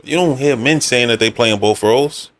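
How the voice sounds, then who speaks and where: A man's voice: medium pitch, moderate pace. A man co-hosting a podcast casually, adding brief agreements and asking questions. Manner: brief affirmations, asks questions. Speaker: podcast co-host.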